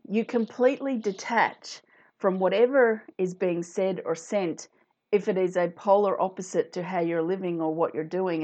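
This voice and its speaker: A woman's voice: fairly low pitch, a little mellow, highs cut off. A woman hosting a casual talk, chatting to viewers and reading out their comments. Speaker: host.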